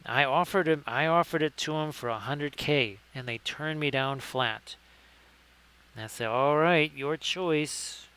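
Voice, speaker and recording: Male stream host, chatty and jokey, bright and clear-toned. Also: medium pitch, normal speed. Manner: chatty, jokey, many fillers, greets chat viewers. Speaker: live-stream host and miniature painter. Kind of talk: casual live-stream chat.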